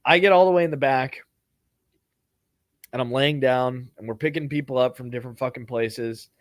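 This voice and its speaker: A man hosts a comedy podcast and tells a travel story. He swears freely and drifts from point to point in an offhand way. His voice sits at a middling pitch and sounds close and dry. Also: moderate pace, no echo. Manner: rambling, profane, offhand. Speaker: podcast host.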